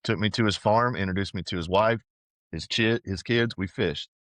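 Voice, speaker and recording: In a dry recording, a man with a lowish, slightly bright voice speaks at normal speed as a podcast guest. He's a powerlifter telling a personal story casually and sincerely, with plenty of "dude" and "man."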